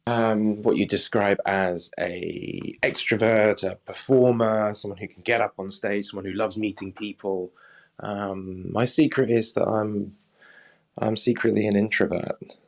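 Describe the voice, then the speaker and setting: A man's voice: lowish voice, fairly even intonation, a little slow, creaky. A man in a recorded confession clip, speaking hesitantly with many fillers.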